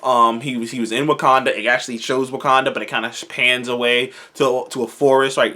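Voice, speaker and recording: Excited rambling male reviewer, bright voice. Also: medium pitch. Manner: rambling and excited, with frequent restarts and self-corrections. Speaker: TV episode reviewer. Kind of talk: casual spoken video review.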